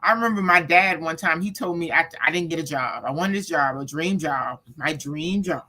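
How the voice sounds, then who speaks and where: A woman's voice: low voice, normal speed. A woman, an author guest, telling family stories in casual chat and acting out the quotes. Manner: animated storyteller, acts out quotes.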